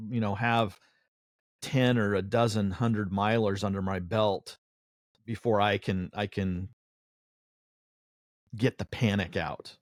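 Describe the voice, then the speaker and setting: A man with a fairly low voice co-hosts a casual podcast chat. He thinks out loud, pausing on fillers and restarting his sentences, recorded close and dry with no room sound. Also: no echo. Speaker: podcast co-host.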